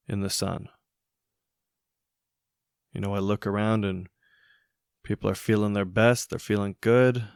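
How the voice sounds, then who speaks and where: A man hosting a solo podcast, thinking aloud in a musing, hesitant way with many pauses and restarts. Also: on the low side, smooth, no echo, studio quality. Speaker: podcast host. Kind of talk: reflective solo podcast monologue.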